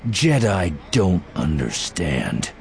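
A man voicing a contemptuous male fallen Jedi master turned Sith, speaking in a cold, low, sneering voice. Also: sing-song, slow pace, vocal fry, a little hiss or hum, heavily acted.

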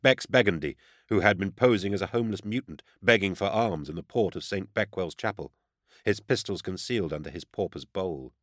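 A man reads a first-person audiobook in a steady, even manner. His voice sits low, and the recording is dry and close with no room sound. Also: a little fast, no echo. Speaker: audiobook narrator.

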